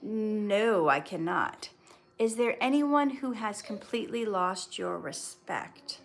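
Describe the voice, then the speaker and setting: Chatty lady actress doing a live q&a, reads comments out loud and answers them, earnest and friendly. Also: medium pitch, animated, slow, gravelly. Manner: earnest, faith-based advice mixed with light laughs. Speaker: actress answering viewer questions. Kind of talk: casual livestream Q&A.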